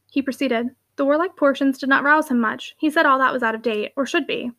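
A woman narrating a classic novel aloud with a clear, even reading. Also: high voice, a little fast, few pauses. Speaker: audiobook reader. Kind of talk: scripted narration.

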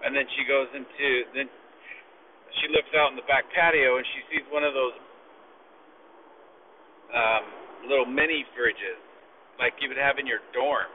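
A man's voice: mid-range voice, fairly even intonation, normal speed, long pauses. A man casually telling a long story, rambling and complaining with plenty of profanity. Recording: phone-like lo-fi with faint noise.

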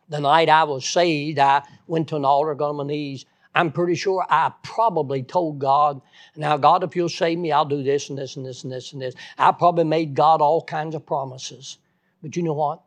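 A man preaching a sermon in an earnest, folksy way, repeating phrases and stammering on restarts. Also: a little high.

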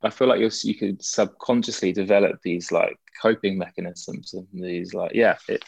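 A man's voice: low-pitched, steady tone, moderate pace, vocal fry, husky, no echo. A young man, a guest in a casual interview, talking in a rambling way with many fillers and restarts.

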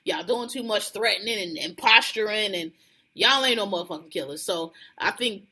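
A woman's voice: medium pitch, normal speed, breathy edge. A woman hosting a podcast, chatting casually and profanely about a TV episode, acting out characters' lines. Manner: animated, profane, laughs often, acts out characters' lines. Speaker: podcast host. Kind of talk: casual TV recap chat.

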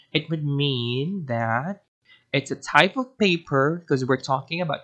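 A language teacher from the Philippines, whose first language is Cebuano, gives an explanatory lesson in a fairly high, slightly bright voice. His explanations ramble, he corrects himself, and he often digresses. The sound quality is lo-fi.

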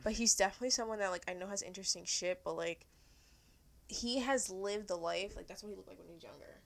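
A young woman talking fast and animatedly in a casual podcast chat, swearing often. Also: medium pitch, creaky. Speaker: podcast co-host.

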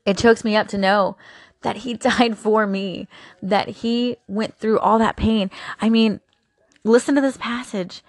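A woman's voice: medium pitch, fairly even intonation, a little slow, dry recording. A woman hosting a daily encouragement show, talking casually and with open emotion about her faith, with frequent fillers. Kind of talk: casual devotional talk.

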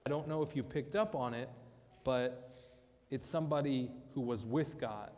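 Male pastor, relaxed joking sermon, mid pitch, reverberant church. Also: normal speed. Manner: conversational, joking asides. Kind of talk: casual sermon. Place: church sanctuary.

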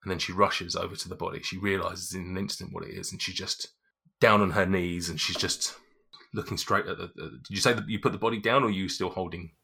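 A man's voice: sits low, fairly even intonation, quick pace, creaky, bright, forceful tone, slightly rough. A man narrating a tabletop game as game master, rambling with restarts. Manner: rambling, lots of fillers and restarts.

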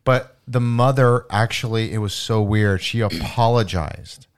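A man co-hosting a casual podcast, joking and telling animated stories. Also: on the low side, measured pace, smooth.

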